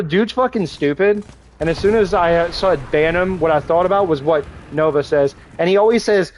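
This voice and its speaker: A young man with a somewhat high-pitched voice chats on a gaming livestream. He rambles, jokes crudely, and talks straight to his viewers, often restarting his sentences. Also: moderate pace, darkish tone. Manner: crude, joking, chats with viewers while playing; rambling with frequent restarts and laughter. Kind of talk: casual gaming livestream chat.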